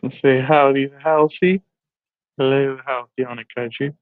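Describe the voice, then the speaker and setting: A man's voice: mid-range voice, fairly even intonation, normal speed, clean tone, no echo. A man in casual chat, laid-back and heavy on fillers. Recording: tinny phone-like line.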